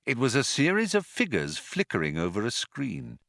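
A man giving wry, richly expressive scripted audiobook narration. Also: mid-range voice, moderate pace, creaky, no room sound, studio quality.

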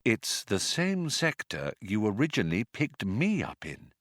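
A clever young woman crew member, read by a male narrator speaks quietly and patiently, with the calm of someone used to explaining things twice. The voice is fairly low and bright, recorded close and dry. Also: slow pace, no echo, exaggerated voice.

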